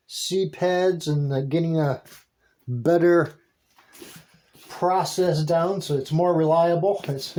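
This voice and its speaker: A man talks his way through a home worm-bin check in an unhurried, easygoing drawl. His voice is mellow and dark, and his sentences stumble and restart. He is easily delighted and lets out small laughs along the way. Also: high voice. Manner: rambling and halting, with frequent restarts. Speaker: worm-composting vlogger. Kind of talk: casual vlog narration.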